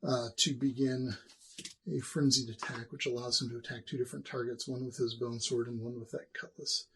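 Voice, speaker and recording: A man as game master, narrating rules and combat with many pauses and fillers, recorded on a binaural microphone. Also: medium pitch, flat delivery, fairly bright tone, a little hiss or hum, poor audio. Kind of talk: running a tabletop game.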